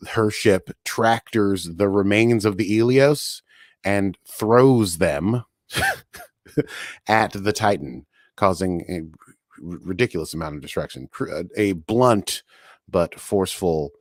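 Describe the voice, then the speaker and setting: A man's voice: deep voice, no echo, clean studio sound. A man co-hosting a podcast, casually recapping a TV episode with laughing asides. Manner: chatty, laughing, quick asides. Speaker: podcast co-host.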